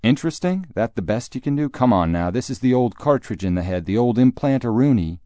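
A man voicing a blustering, older, wealthy conservative father who lectures loudly in a folksy manner. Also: expressive, brisk, no echo, studio quality, natural voice. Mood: hectoring. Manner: booming, hectoring, folksy, sometimes fake Texan.

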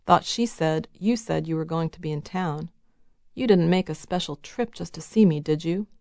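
A woman reading the lines of a gruff, blunt older father who barks out sardonic remarks. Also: low-pitched, moderate pace, mellow, no echo, studio quality. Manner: barking, sardonic.

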